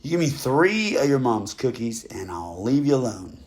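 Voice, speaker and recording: A man voicing a hungry, scrawny wolf in a comic story who bargains politely, trying to act a gentleman. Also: mid-range voice, sing-song, moderate pace, close to an everyday voice. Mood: wheedling.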